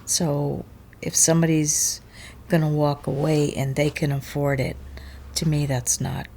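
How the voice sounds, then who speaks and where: A woman in an interview speaking slowly and quietly about personal matters. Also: low-pitched, creaky, slight background noise. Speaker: homeowner interviewee.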